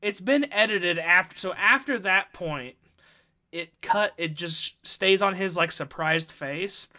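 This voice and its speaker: A man's voice: high voice, takes it slowly, pushed and bright. A man co-hosting a podcast in casual chat, playful and jokey as he tells stories.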